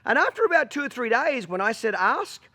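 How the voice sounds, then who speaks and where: A man's voice: extremely high pitch, sing-song, fast, bright, forceful tone. A man telling a story as a horse trainer, blunt and profane, punctuating points with rhetorical questions. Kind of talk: storytelling vlog.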